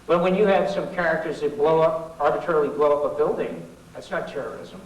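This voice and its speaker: A man's voice: on the high side, a little fast, highs cut off. Folksy, sarcastic man in an echoey hall. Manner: folksy, sarcastic, rambling with asides. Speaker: public speaker. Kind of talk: informal political talk to an audience. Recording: echoey 1990s hall recording from far off.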